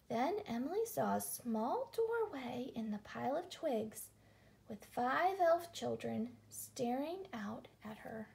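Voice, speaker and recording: A woman calmly reading a children's picture book aloud. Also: a little high, takes it slowly, creaky. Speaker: storyteller.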